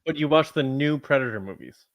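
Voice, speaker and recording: A man's voice: mid-range voice, animated, brisk, no room sound. A man co-hosting a podcast in casual chat, with a wry, joking manner. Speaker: podcast co-host.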